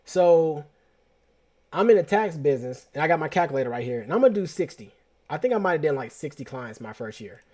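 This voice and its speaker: A man host telling a personal story in a casual, slangy, animated way, often restarting his sentences. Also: fairly high pitch, fairly quick.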